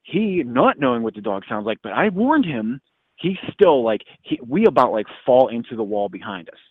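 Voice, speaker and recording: A man casually telling a long, profane story with animated laughter, as a podcast host. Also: mid-range voice, moderate pace, husky, no echo. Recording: tinny phone-like sound, dry.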